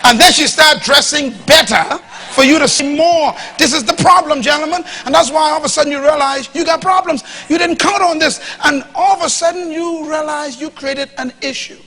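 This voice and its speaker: Animated high-voiced man preaching. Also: moderate pace, a little hiss or hum. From Bahamas. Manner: animated preaching, swings from loud to hushed; acts out quoted dialogue. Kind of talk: sermon. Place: church hall before a live congregation.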